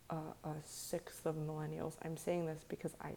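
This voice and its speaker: A young woman hosting a late-night live stream, talking low and softly, half whispering at times so she won't wake anyone. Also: monotone, a little slow, a little hiss or hum. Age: young adult. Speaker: livestream host. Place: echoey room at night.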